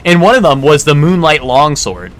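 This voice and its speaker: A man's voice: on the high side, big pitch swings, moderate pace. A man streaming a game live, chatting casually with a rambling, swearing, laughing manner. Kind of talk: casual live gameplay commentary.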